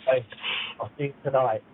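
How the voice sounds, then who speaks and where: A man's voice: mid-range voice, background noise, close to an everyday voice. A man putting on a menacing Cockney caller. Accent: put-on Cockney. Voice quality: husky, mumbled. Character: threatening male Cockney caller, angry ex-boyfriend. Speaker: prank caller. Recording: tinny phone line.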